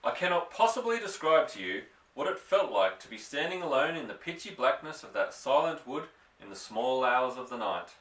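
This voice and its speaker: A man reading a children's story with an expressive, lively delivery that slows down for suspense. His voice is bright and forward. A roomy echo follows him, and he sits a little back from the mic. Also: medium pitch, recorded from a distance. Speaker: audiobook reader. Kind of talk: storybook narration.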